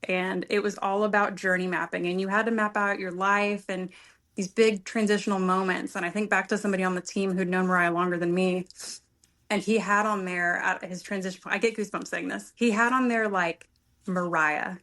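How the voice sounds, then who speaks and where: A woman's voice: medium pitch, steady tone, brisk, fairly bright tone. A woman guest on a podcast, telling a personal story in an earnest, emotional way and sometimes searching for her words.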